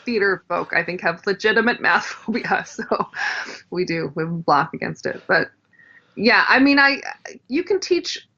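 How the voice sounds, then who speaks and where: A woman's voice: mid-range voice, measured pace, lo-fi sound. A woman, an actress and dialect coach, chatting casually as a podcast guest and acting out dialect sounds. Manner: animated, demonstrates dialect sounds, laughs often.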